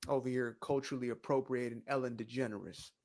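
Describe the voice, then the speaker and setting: A man giving reaction commentary in a slow, mocking delivery. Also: mid-range voice, steady tone, a little mellow.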